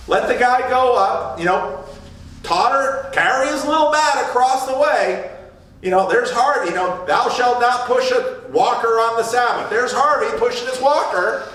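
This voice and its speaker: A man preaches loosely and playfully, slipping into voices for the people he quotes. His voice sits high and he takes his time. He is heard from a distance in a strongly echoing church. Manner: animated, joking, acts out voices in quotes. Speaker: pastor. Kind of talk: informal sermon. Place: church sanctuary. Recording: distant mic in a very echoey room.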